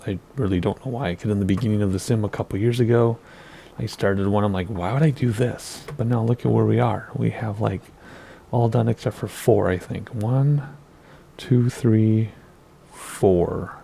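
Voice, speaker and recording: A man in his thirties with a gravelly, fry-heavy voice, rambling his way through casual gameplay commentary. He talks in a relaxed, meandering way and wavers over pronunciations. His tone sits low and mellow. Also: moderate pace, slight background noise. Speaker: flight sim video host.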